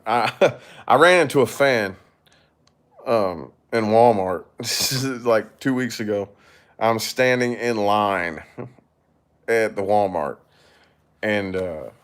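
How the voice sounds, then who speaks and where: A man from Kentucky, a YouTuber, chatting casually with viewers in a rambling way, swearing and laughing often. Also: medium pitch. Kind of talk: casual livestream chat.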